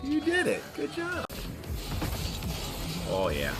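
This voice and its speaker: A man's voice: extremely high pitch, wildly swooping pitch, slow. Upbeat dad cheering on his kid. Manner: encouraging, coaching, playful. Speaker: streamer playing with his son. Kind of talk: casual gameplay commentary. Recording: music playing under the voice. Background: game music and car sounds.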